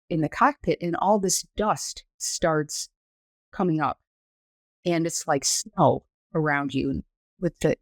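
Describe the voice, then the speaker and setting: A woman in her sixties, a former astronaut guest on a podcast, telling her story in a detailed, measured, explanatory way. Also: lowish voice, no room sound. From United States. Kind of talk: conversational storytelling interview.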